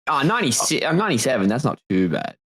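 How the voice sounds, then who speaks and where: A man chatting casually on a podcast, tossing in quick, blunt asides and the odd swear. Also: mid-range voice, sing-song, fairly bright tone, slightly rough.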